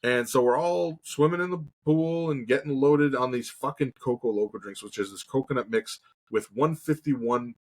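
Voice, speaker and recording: Husky man telling a profane story. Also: mid-range voice, normal speed. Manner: profane, animated storytelling with acted-out quotes. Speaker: podcast co-host. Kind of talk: casual storytelling chat.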